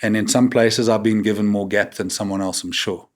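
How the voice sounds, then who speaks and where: A brisk, steady, low-leaning male voice belongs to a South African podcast guest in his fifties. Candid and conversational, he recounts stories plainly while tacking "man" and "right?" onto his sentences.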